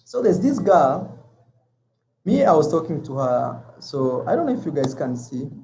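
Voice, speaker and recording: Man, Kenyan accent, casual travel vlog, chatty, repeats himself, mellow tone. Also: on the high side, very animated, moderate pace, gravelly, slight background noise, poor audio. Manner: chatty, repeats words, calls viewers 'man'. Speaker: travel vlogger. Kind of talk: casual vlog chat to viewers.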